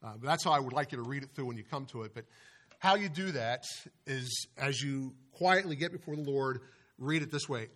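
A pastor preaches a sermon to his church in the sanctuary, his medium-pitched, slightly bright voice carried over a microphone and speaker system. He hits single words hard, then drops his voice, with pauses and frequent restarts.

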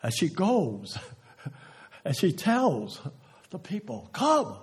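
A man preaching a sermon, slow and emphatic, often dropping to a hush on key words and asking the listeners questions. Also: a little high, huge pitch swings, husky. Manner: asks the audience rhetorical questions.

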